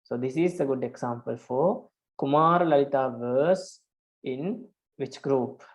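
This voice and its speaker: A Buddhist monk teaches an online class on verse meters, patiently counting syllables aloud. His voice is medium-pitched and unhurried, and he hesitates often.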